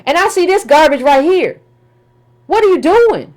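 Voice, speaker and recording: A woman with a high voice rants through political commentary in an emphatic, colloquial style, repeating herself and throwing out rhetorical questions. Her delivery is expressive at a normal speed, with a somewhat dark tone.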